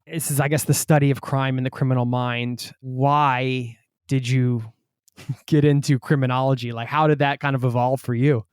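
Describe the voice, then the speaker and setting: A man's voice: mid-range voice, normal speed, smooth, no echo, clean studio sound. Friendly male podcast host. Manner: friendly, energetic, says "my friend". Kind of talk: casual interview podcast.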